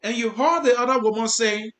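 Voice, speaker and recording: A man's voice: very high voice, fairly quick, fairly bright tone. A man with a Liberian accent giving commentary to his viewers, earnest, repeating his points for emphasis. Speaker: host. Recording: roomy, echoey sound.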